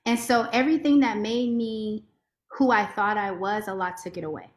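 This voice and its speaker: A woman lawyer giving a heartfelt, expressive personal testimony as a podcast guest. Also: mid-range voice, moderate pace. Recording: roomy echo.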